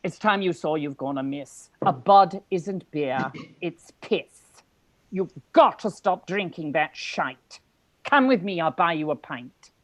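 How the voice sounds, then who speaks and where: A woman reading a playful, punning young man in a live play reading, teasing in slow rhymed banter. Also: lowish voice, lively intonation, dry recording. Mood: joyful. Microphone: video call.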